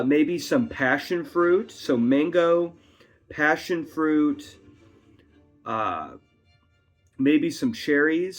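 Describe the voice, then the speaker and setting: A man talks his way through a whiskey review at home in a loose, rambling manner, pausing for asides. His voice sits at a middle pitch, recorded by a camera on a tripod. Faint classical music plays in the background. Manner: chatty, rambling talker with frequent asides. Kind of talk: casual tasting review.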